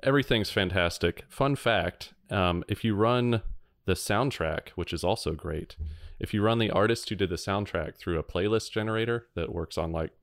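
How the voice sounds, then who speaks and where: Deep-voiced man, dry studio sound. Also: normal speed, dry recording. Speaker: podcast guest reviewer. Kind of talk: casual chat.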